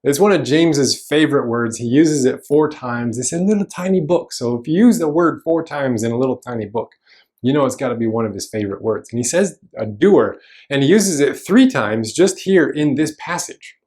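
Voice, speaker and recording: A man in the middle of his range, preaching a relaxed, conversational sermon in a church. He walks through the scripture in an explanatory way, with everyday phrasing, fillers and restarts. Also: mid-range voice, normal speed. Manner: casual, explanatory teaching with frequent fillers and restarts. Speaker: pastor.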